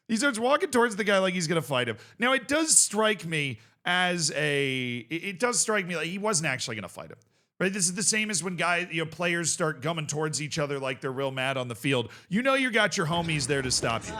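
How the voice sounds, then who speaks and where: A young man hosting a casual video reaction show, talking in an animated, rambling way with swearing and bursts of laughter. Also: a little high. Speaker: host.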